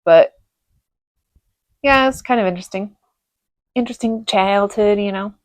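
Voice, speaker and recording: A middle-aged woman from Reno telling rambling stories about her childhood, laughing often and filling pauses. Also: medium pitch, no room sound. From Reno, Nevada. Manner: rambling, chatty, laughs often, many fillers. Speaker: vlogger. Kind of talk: casual storytelling monologue.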